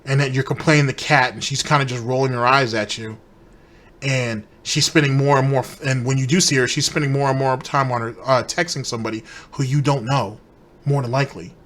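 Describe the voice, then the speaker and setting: A man's voice: mid-range voice, steady tone, a little fast, a bit bright. A man hosting a commentary show, delivering a heated, repetitive, accusatory rant aimed straight at one person. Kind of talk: ranting commentary.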